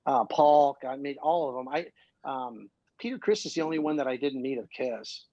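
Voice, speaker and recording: A male musician guest from Ohio, telling excitable, rambling stories full of fillers in a casual interview. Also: mid-range voice, moderate pace, dry recording, muffled recording. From Columbus, Ohio.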